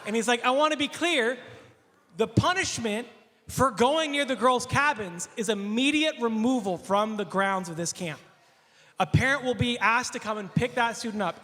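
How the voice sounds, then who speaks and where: A male pastor telling a casual anecdote, animated, laughing often and acting out the quotes. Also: extremely high pitch, long reverb tail.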